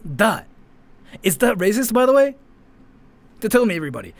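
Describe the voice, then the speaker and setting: Talking fast in a high-pitched voice with wide pitch swings, a young native Japanese speaker rambles through a casual live stream, responding to his chat. He leans heavily on "like" and his phrases trail off softly at the end.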